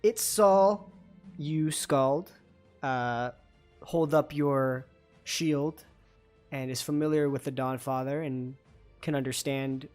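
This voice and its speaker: A man guiding his players through a tabletop game as dungeon master. His voice sits at a middle pitch, and he talks in a loose, rambling way, often stopping for "um" and starting sentences over. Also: slow, long pauses, a little mellow, soft background music. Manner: chatty, loose narration full of fillers and restarts.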